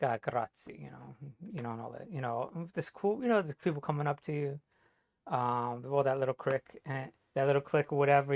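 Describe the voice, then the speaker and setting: A man from New Jersey telling a rambling, profane story in a casual monologue, full of "you know" fillers. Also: mid-range voice. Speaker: vlogger.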